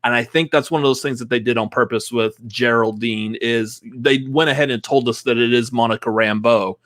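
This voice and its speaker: A man's voice: mid-range voice, fairly even intonation, fairly quick, a bit bright, dry recording. Rambling man in a dry room. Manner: rambling theorizing with restarts and laughs. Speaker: co-host. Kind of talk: casual review chat.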